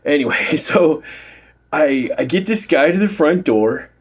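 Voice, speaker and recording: Casting note: husky middle-aged guy, rambling storyteller, swears a lot, self-recorded at work. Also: a little high, expressive, unhurried. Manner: rambling, swears freely, many fillers and restarts. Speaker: former bouncer telling a story. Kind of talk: casual storytelling vlog. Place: at his workplace.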